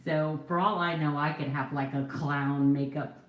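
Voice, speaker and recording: A woman in her forties does her makeup at home and chats away for a get-ready-with-me vlog, rambling and mocking herself. She speaks a little slowly in a low, steady voice with hardly any pauses. The low-quality recording is reverberant.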